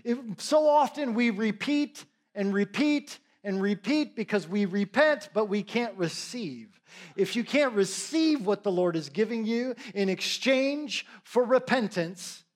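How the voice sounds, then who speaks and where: A man's voice: high-pitched, lively intonation, unhurried. A middle-aged male preacher giving a conversational sermon, with joking asides and frequent check-ins with his listeners.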